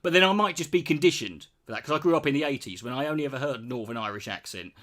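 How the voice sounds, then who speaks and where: A man's voice: medium pitch, animated, fast talker, fairly bright tone. A British man in his forties, ranting bluntly and sarcastically with heavy swearing while answering his chat. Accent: British English. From Britain.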